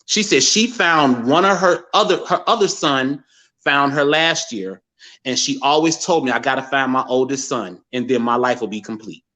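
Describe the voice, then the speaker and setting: A man in his forties from the American Midwest, telling a personal story as a guest and acting out other people's words in lively quotes. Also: medium pitch, normal speed. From Gary, Indiana, USA. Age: 40s. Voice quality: animated storyteller who acts out others' words.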